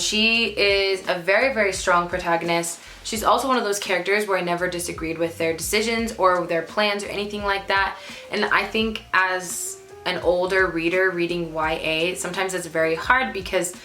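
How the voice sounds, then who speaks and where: A woman's voice: lowish voice, bright, forceful tone. A woman in her twenties chatting casually to camera as a book vlogger, gushing and emphatic, repeating words for stress. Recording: echoey room with faint music.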